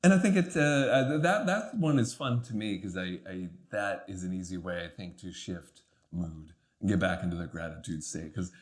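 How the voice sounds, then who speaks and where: Man, podcast guest, low-ish voice, reflective, filler-heavy casual chat. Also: animated, normal speed, few pauses. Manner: reflective, with many fillers and restarts.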